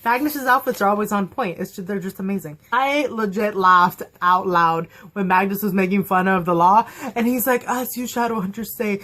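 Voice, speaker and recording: A young woman chatting to camera about a TV episode she loves. She gushes with eager, animated delivery, filling pauses with ums and likes and breaking into laughs. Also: mid-range voice. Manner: gushing, animated, lots of fillers and laughter. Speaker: TV episode reviewer. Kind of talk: casual excited fan review.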